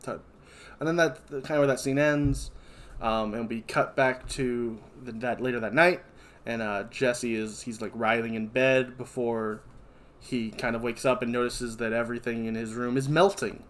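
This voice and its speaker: A man's voice: medium pitch, fairly even intonation, moderate pace, fairly bright tone. A man with a Kentucky accent, a podcast co-host, retelling a film in loose casual chat with fillers and self-corrections.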